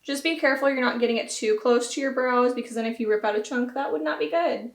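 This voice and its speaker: A woman's voice: on the high side, quick pace. Young Southern woman vlogger, self-deprecating casual chat, recorded in a roomy echoing room. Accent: American Southern. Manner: chatty, self-deprecating, giggly. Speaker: beauty vlogger. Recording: roomy echo.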